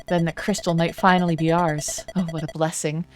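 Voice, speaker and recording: A woman's voice: fairly low pitch, level tone, brisk, music in the background, lightly acted. A woman voicing a prim, pious village woman gossiping to a friend. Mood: smug.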